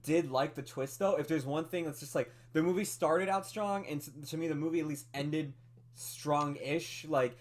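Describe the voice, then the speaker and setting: Chatty man reviewing a film. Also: a little high. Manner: animated, chatty, many fillers, laughs often. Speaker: movie podcast co-host. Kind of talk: casual film review chat.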